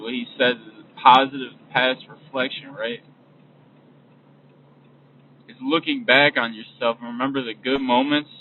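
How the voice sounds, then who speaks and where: Young guy rambling motivational talk in his car, far from the mic, tinny phone-ish sound. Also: mid-range voice. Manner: casual, repetitive, trails off and restarts. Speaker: podcast host. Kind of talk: motivational monologue while driving. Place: in a vehicle. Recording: distant, phone-like lo-fi recording with faint road noise.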